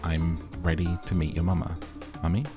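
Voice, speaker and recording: A man's voice: low-pitched, flat delivery, normal speed, close to an everyday voice. A man voicing a young huntress woman who talks in a flustered, hesitant way, devoted to her mother. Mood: awkward. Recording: music playing behind.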